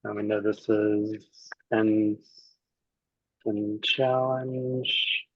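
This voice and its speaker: A man acting as the client, casually walking through a software demo and thinking aloud as he clicks around. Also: fairly low pitch, flat delivery, extremely slow, dry recording, dull audio.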